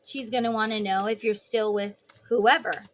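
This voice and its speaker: A woman's voice: fairly high pitch, fairly even intonation, normal speed. A woman giving a rambling, chatty tarot reading who acts out imagined lines for the people in it. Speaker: tarot reader. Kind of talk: casual tarot reading monologue.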